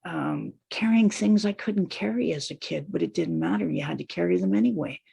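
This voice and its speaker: A woman's voice: on the low side, brisk, gravelly, warm tone, breathy edge. A woman telling her own painful story in a raw, repetitive monologue, piling on lists of hurts. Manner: raw, pained and repetitive, with long trailing lists. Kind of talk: personal testimony monologue.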